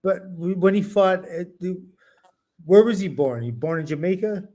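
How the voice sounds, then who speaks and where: Laid-back man with a slightly high voice. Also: expressive, moderate pace, mellow. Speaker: podcast co-host. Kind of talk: casual boxing chat.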